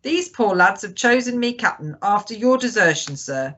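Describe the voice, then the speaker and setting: A woman's voice: mid-range voice, lively intonation, normal speed, fairly bright tone, dull audio. Woman voicing Long John Silver, sly pirate. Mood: hearty. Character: cheery sly one-legged male pirate chief. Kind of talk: audiobook character reading.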